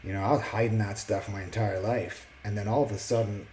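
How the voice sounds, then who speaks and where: A man casually sharing a personal faith testimony, earnest and reflective, often pausing and restarting his words. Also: lowish voice, steady tone, a little mellow, slight background noise, low-quality recording. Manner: halting, with many restarts and fillers.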